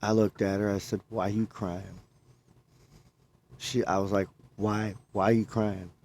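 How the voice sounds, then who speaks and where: A man's voice: on the low side, level tone, unhurried, gravelly, darkish tone, slight background noise. A man talking casually, telling a long personal story and often quoting himself. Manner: rambling, repeats himself, quotes himself. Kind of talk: casual chat.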